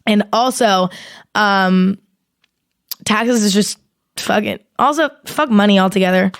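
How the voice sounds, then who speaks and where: A young woman hosting a casual solo podcast, rambling and swearing as she talks in an animated, exaggerated way into a close mic. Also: medium pitch, a little slow, no room sound. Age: young adult. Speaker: podcast host.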